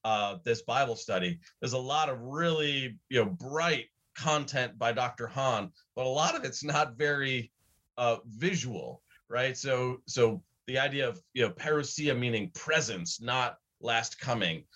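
A man's voice: medium pitch, unhurried, fairly bright tone. A man, a guest on a talk show, explaining his views in an earnest, reflective way. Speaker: guest from a Bible study center. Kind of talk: conversational interview.

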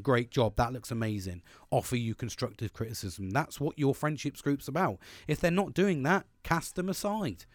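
A young Englishman talks straight into a close mic in a dead, dry space, with no room sound around him. His voice sits at an ordinary middle pitch. He is casual and blunt, and he swears freely as he speaks. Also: no echo. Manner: sweary, frank, conversational. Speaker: podcast host. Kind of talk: casual solo podcast monologue.

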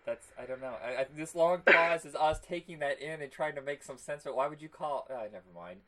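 A man's voice: on the high side, a little fast, sharp tone, rough recording. A man co-hosting a casual podcast chat, wry and amused as he reads from notes about a film. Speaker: podcast co-host.

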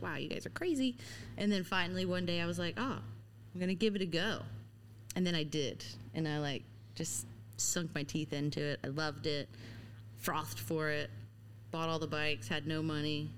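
A woman's voice: low-pitched, steady tone, normal speed, a bit bright, slight background noise. A woman from Louisiana, a podcast guest, chatting casually and laughing between phrases. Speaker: podcast guest, mountain biker. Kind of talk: casual chat.

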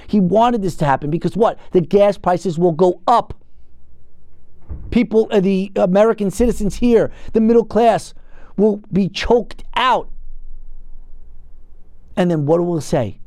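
A man with a high-pitched voice hosts a political commentary show, ranting with heat and piling up rhetorical questions. The recording is dry and close, with no room sound around him. He speaks to camera from an indoor set. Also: measured pace, long pauses, a little mellow, dry recording.

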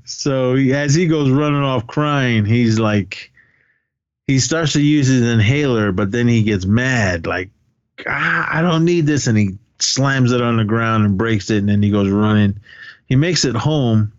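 A man's voice: medium pitch, measured pace, no echo, dull audio. A man co-hosting a podcast, casually retelling movie scenes, often laughing and swearing now and then. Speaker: podcast co-host. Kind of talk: casual movie recap chat.

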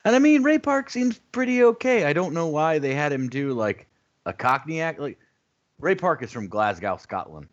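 A man's voice: a little high, moderate pace. A man in a casual podcast chat who argues his points with emphatic conviction. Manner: animated, emphatic arguing. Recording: dull lo-fi audio.

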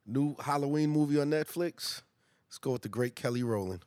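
A man co-hosting a podcast in casual chat, talking quickly and animatedly. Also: medium pitch, dry recording, studio quality. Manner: quick, gravelly, husky, animated. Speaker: podcast co-host.

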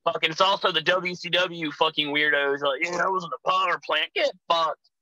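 A young man with a very bright, forward voice swaps profane wrestling road stories at a quick, rambling clip. His sound is dry and close, with no room around it. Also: fairly high pitch, fairly even intonation, no echo, poor audio. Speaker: guest, pro wrestler. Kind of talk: casual podcast chat.

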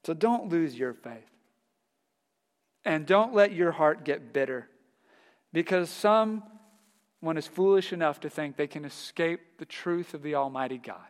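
A male pastor preaching a sermon, telling stories in a lively, animated way and laughing along with them. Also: fairly high pitch, a little slow, long pauses, in a large hall. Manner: storytelling, laughs heartily while telling anecdotes.

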